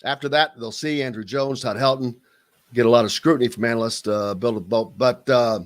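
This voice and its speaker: A man from Southern Indiana with a Southern Indiana accent, hosting a sports radio show in an excitable, animated way from a radio studio. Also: mid-range voice, brisk. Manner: animated, excitable, hums jingles. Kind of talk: casual sports radio chat.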